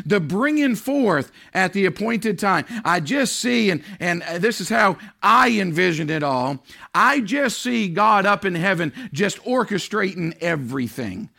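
Male pastor preaching, bright sharp voice, stretches key words loud then drops low. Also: gravelly. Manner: swings between loud drawn-out emphasis and low near-whispered lines. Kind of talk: sermon.

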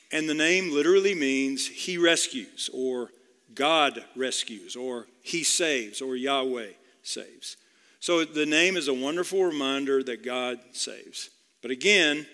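A male pastor preaching with earnest conviction, repeating his key phrases and turning to address listeners directly. His voice is bright and sharp, sitting a little high for a man. It rings out with the long reverb of a large hall. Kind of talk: sermon.

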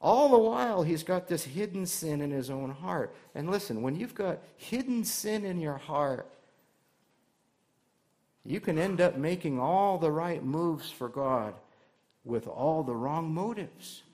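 A man's voice: a little high, takes it slowly, a little mellow. A male pastor delivering a conversational sermon to his church, asking the congregation rhetorical questions and adding light humor.

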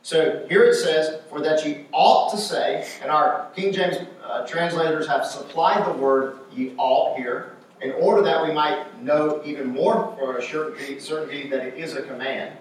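A man's voice: fairly high pitch, normal speed, heavy reverb, recorded from a distance, slight background noise, low-quality recording. A man preaching a sermon with emphasis, repeating his key phrases.

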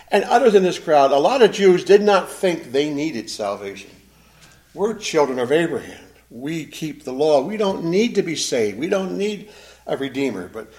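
A male pastor delivering a sermon in a lively, animated way. His voice sits a bit high for a man and swings widely in pitch. He leans on emphatic pauses and repeats phrases for effect.

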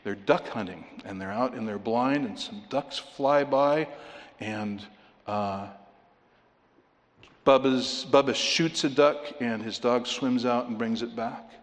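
A man's voice: mid-range voice, takes it slowly, big-room sound. A man preaching a sermon, telling a joke and reading scripture, asking his listeners rhetorical questions. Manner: storytelling, asks the congregation rhetorical questions.

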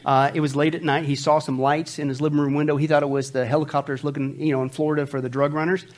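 Emphatic high-voiced preacher man. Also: little pitch movement, quick pace. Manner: emphatic preacher, asks rhetorical "what?" questions; swings from loud outbursts to low asides. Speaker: pastor. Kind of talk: sermon.

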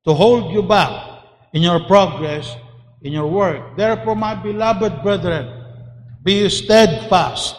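A man preaches at an unhurried pace, hammering each point home by saying it again. His voice sits high for a man and rings out with a long reverb tail, as if in a large hall. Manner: emphatic, repeats key phrases, mixes in Cebuano. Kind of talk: sermon.

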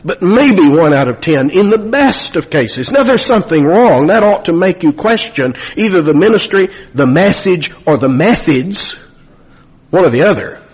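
A man's voice: high-pitched, expressive, normal speed, husky. A pastor in his fifties, a man preaching an emphatic sermon full of rhetorical questions.

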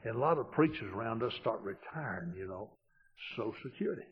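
A man, a pastor preaching a homespun storytelling sermon that drops quiet and then swells loud for emphasis. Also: fairly low pitch, animated, brisk, slight background noise. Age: 60s. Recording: dull lo-fi recording.

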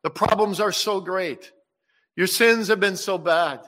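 A man preaching a sermon with passion, rising loud when he voices Jesus and dropping soft and low when he pleads. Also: measured pace. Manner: impassioned, swells loud on quoted words of Jesus and drops soft on pleading. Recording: long reverb of a large hall.

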